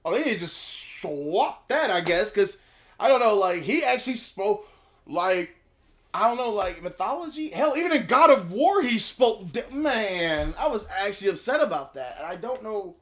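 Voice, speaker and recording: A man co-hosting a podcast, talking in a casual, slangy, animated way. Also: high-pitched, moderate pace. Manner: animated, slangy, mocks voices with bursts of laughter. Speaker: podcast co-host. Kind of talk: casual chat.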